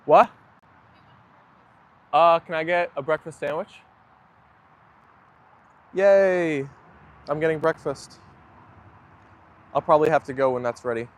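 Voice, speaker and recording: A man's voice: a little high, steady tone, slow, pauses often. A man livestreaming from his phone on a rainy outdoor walk with his dogs, chatting to viewers in a rambling, self-deprecating way. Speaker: dog owner livestreaming to viewers. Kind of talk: casual live chat.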